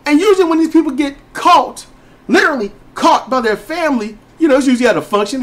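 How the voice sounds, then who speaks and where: A man co-hosting a podcast, ranting and telling stories in an emphatic way. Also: quick pace. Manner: emphatic, storytelling, lively pitch swings. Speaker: podcast co-host. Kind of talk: casual ranting commentary.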